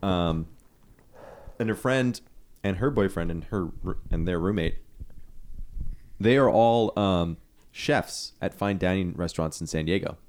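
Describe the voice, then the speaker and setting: A man co-hosting a podcast in casual chat, talking in a relaxed, chatty way with plenty of ums and uhs. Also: deep voice, unhurried, pauses often. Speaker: podcast co-host.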